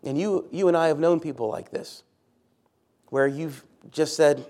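A man's voice: a little high, unhurried, a little mellow. A man, a pastor, preaching a sermon in a church, stressing key words by repeating them and putting questions to the congregation.

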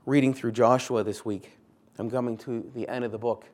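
A man's voice: medium pitch, steady tone, moderate pace, a little mellow. Earnest, conversational male preacher. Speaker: pastor. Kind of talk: sermon.

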